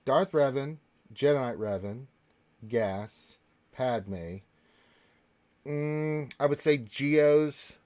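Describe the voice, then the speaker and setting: Speaking very slowly and pausing often, a man with a medium-pitched voice runs a laid-back live Q&A panel. He reads out questions from viewers and rambles through his answers, using lots of fillers.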